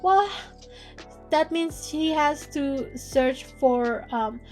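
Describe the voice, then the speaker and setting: A woman recapping a novel in casual chat, laughing often and swearing in animated asides. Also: high voice, extremely slow, faint music behind. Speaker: book reader and recap host.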